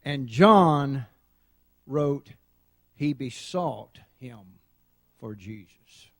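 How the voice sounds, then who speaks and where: A middle-aged man preaching a sermon, telling folksy stories and building to loud shouts. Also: mid-range voice, no room sound. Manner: folksy storytelling, dramatic swings to loud shouting. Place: church sanctuary.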